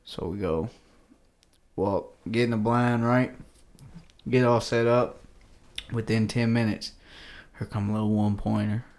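A man's voice: on the low side, fairly even intonation, measured pace, pauses often, darkish tone. A man on a podcast telling a hunting story in casual, profane slang, acting out the quoted lines and dropping to a whisper for them. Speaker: podcast co-host.

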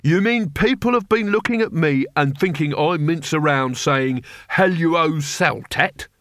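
A man's voice: fairly high pitch, unhurried, fairly bright tone, no room sound, clean studio sound, voice pushed up. A man voicing a hot-tempered old barbarian who roars and blusters. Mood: outraged. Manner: roaring, blustering.

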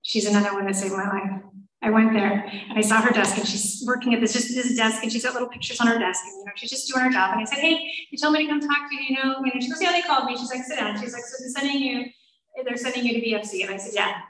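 A woman tells her personal testimony to a gathered audience, her voice a touch high and full of feeling. She slips into the voices of the people she quotes. The sound is roomy and picked up from some distance. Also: fairly even intonation, quick pace, a bit bright. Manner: emotional, quoting others in changing voices. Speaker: speaker sharing a recovery story. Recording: roomy hall, voice from off-mic.

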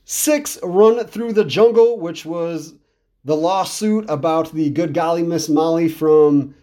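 A man's voice: on the high side, slow, mellow. A man hosting a podcast who talks through an album in a casual, enthusiastic, rambling way, repeating himself for emphasis. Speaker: podcast host. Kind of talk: casual music review monologue.

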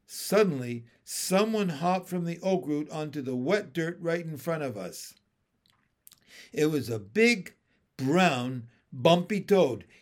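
A man reading a children's storybook aloud with expressive storytelling. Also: on the high side, slow pace.

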